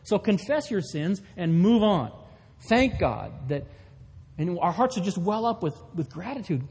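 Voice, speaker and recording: A man preaching a sermon as pastor, earnest, slowing down to stress key lines. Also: high-pitched, sing-song, a little mellow, breathy edge. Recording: long reverb of a large hall.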